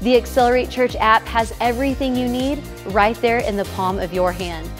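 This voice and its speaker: A woman reading a smooth, even promotional announcement. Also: a little high, moderate pace. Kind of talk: recorded announcement. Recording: announcement read over music.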